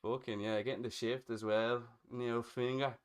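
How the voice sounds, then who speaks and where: A man's voice: mid-range voice, flat delivery, moderate pace, clean tone. An Irish man of thirty, a streamer chatting casually over voice chat in a role-play game, slangy and swearing freely with easy laughs. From Ireland.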